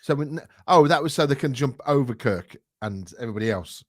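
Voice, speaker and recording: A man's voice: mid-range voice, lively intonation, brisk, no echo, studio quality. A man co-hosting a casual chat show, blunt, dismissive and jokey. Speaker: podcast co-host.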